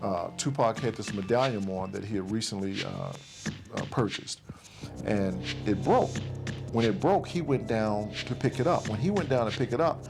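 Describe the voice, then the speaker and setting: A man's voice: on the low side, lively intonation, moderate pace. A man casually recounting a night's events, switching to others' voices as he quotes them. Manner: recounts events in present tense, voicing others' lines. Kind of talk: casual storytelling. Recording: clear music bed under voice.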